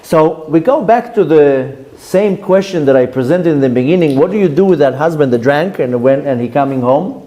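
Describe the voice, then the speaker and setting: A man, a rabbi giving a Torah class and telling stories with lively, acted-out quotes. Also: moderate pace, hardly any pauses. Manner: lively storytelling, voices quoted speakers with big pitch jumps.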